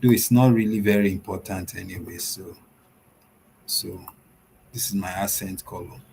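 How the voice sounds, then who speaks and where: A man's voice: low voice, moderate pace, creaky, darkish tone, breathy edge. A man teaching web design in a screen-share tutorial, walking through the steps one by one, repeating himself and using many fillers.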